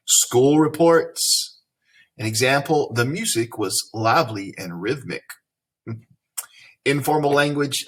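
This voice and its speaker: A man with a Tennessee Southern accent teaches a reading lesson in a folksy manner. His voice is husky and sits in a middle pitch, and he often checks in with leading questions. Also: fairly bright tone. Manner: folksy, explains then asks leading questions.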